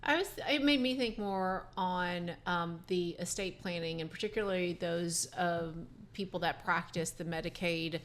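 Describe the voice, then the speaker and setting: A woman lawyer on a podcast, speaking in casual conversation, pausing with ums as she thinks. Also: lowish voice, slight background noise. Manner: thoughtful, frequent ums and restarts. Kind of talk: casual professional chat.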